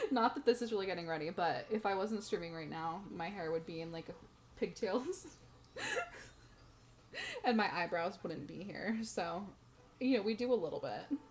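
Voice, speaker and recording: A woman's voice: medium pitch, expressive, normal speed, pauses often, slight background noise. A young woman chatting casually to her viewers while streaming a game from home, laughing often. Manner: giggly, chatty, talks to chat. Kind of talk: casual gaming stream chat. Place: home room.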